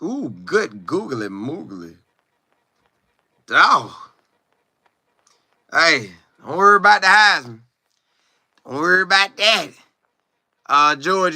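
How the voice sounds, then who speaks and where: Lively, bright-voiced man chatting with viewers. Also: high voice, no echo, clean studio sound. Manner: animated, chatty, sings and riffs, reads viewer comments aloud. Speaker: sports commentary streamer. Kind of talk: casual live-stream chat.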